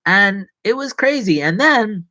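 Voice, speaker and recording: A man's voice: animated, measured pace, pushed and bright. A man chatting casually and rambling playfully on a solo livestream. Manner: rambling, playful, drops to whispers and jumps to squeaky voices. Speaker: livestreaming vlogger.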